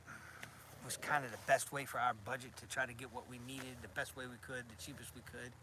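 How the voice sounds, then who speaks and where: A man's voice: level tone, brisk, bright, forceful tone. A man hosting a survival channel, chatting casually and rambling on a live stream from his rural land. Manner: rambling, talks to his dog in a high baby voice. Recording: noisy outdoor live stream.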